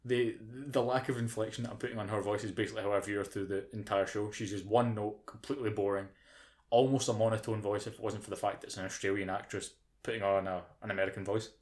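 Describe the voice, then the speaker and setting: Talking fast but with a steady tone, this UK man has a lowish voice. He co-hosts a podcast, ranting in casual conversation, cursing heavily and doing mocking impressions of people.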